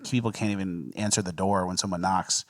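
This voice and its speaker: A man's voice: deep voice, fairly even intonation, fairly quick, dry recording, clean studio sound. A young man co-hosting a podcast, telling stories in a laid-back casual chat and laughing often. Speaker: podcast co-host.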